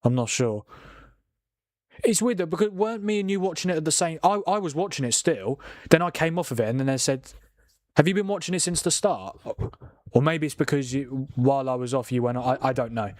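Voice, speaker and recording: A man, hosting a live football watchalong and chatting in a rambling, animated way, with plenty of laughs and restarts. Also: fairly high pitch, fairly quick, no echo. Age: 40s. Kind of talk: casual live commentary and chat.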